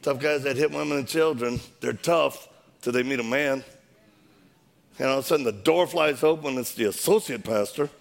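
A man telling a personal story in an animated way, acting out the quoted voices and laughing as he goes. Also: medium pitch, normal speed, gravelly.

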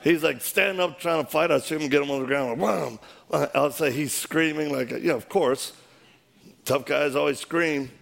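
A man with a slightly higher, gravelly voice spins a personal story with plenty of energy. He acts out each quoted voice as he tells it, and laughter keeps breaking through. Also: normal speed. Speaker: speaker telling a personal story. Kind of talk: animated storytelling.

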